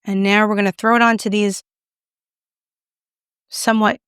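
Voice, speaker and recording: A woman's voice: medium pitch, flat delivery, normal speed, a bit bright, clean tone, no room sound, clean studio sound. A young woman casually reviewing makeup, chatty and self-deprecating as she applies it on camera. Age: young adult. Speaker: beauty YouTuber.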